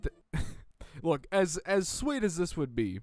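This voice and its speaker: A man reading stories aloud and reacting with sarcastic, deadpan debunking. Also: fairly high pitch, slow pace, no echo, soft background music. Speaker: reader and commentator.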